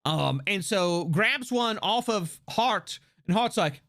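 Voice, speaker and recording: A streamer chatting live, full of fillers, restarts and quick laughs. The pitch swings a lot, so the talk stays lively and animated. The voice sits at a middle pitch for its kind. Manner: excitable, laughs often. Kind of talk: casual livestream chat.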